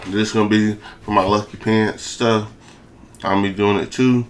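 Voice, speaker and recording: A man's voice: lowish voice, steady tone, moderate pace, a little hiss or hum. A young man giving hyped, slangy commentary over a game, his speech slurred with a lisp and full of repeated phrases. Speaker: gaming video creator. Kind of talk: casual commentary over gameplay.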